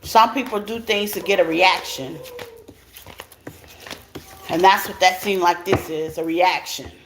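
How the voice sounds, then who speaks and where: A woman's voice: lowish voice, measured pace. A woman giving a casual tarot reading to her viewers, chatty and laughing often as she talks straight to them. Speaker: tarot reader. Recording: clear background noise.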